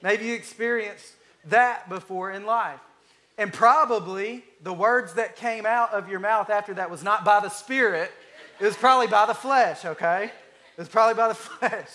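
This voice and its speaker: Southern US pastor, high tenor, folksy sermon delivery, leans on key words. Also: male voice, sharp tone. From Alabama, US. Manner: folksy, conversational, drawn-out emphasis.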